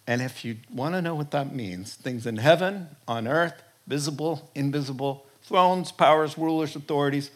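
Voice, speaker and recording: Animated man preaching with dramatic swings. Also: on the high side, a little slow. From Jewish background. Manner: animated, emphatic, laughs often, dramatic swings in volume. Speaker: pastor. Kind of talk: sermon.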